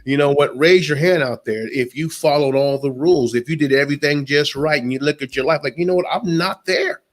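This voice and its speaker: A man's voice: mid-range voice, steady tone, fairly quick. A man who works as a motivational speaker, talking emphatically and speaking straight to the listeners in an interview. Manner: preachy, emphatic, addresses listeners directly.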